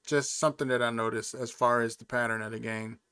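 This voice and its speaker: A man talking through a video game walkthrough in a loose, rambling way. He fills his speech with ums and likes. His voice sits at a middle pitch. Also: fairly even intonation, a little fast, pushed and bright, smooth. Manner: laid-back, rambling, full of fillers. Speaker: gaming channel host. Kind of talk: casual gameplay commentary.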